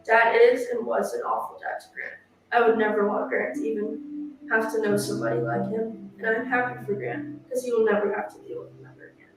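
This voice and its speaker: A woman narrating for a true-crime channel, reading a written statement aloud in a steady, earnest way. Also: on the high side, a little fast, background noise. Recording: echoey and distant, music behind. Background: music.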